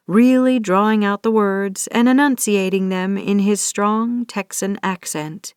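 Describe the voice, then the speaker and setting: A woman narrating a romance audiobook in a steady, scripted reading. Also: medium pitch, unhurried, hardly any pauses, clear, resonant tone, dry recording, studio quality.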